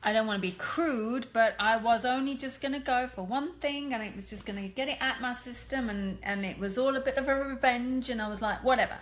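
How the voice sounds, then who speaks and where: A woman's voice: fairly high pitch, a little fast, hardly any pauses. An English woman giving an earnest, emphatic live talk to fans, blunt and candid, with some mild swearing. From England. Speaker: medium and clairvoyant. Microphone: phone or webcam.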